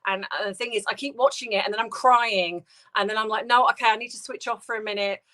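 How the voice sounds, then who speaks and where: A British woman hosting a casual livestream, talking softly and hesitantly with many ums and restarts as she answers viewer comments. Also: a little high, fairly even intonation, quick pace. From United Kingdom. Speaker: livestream host.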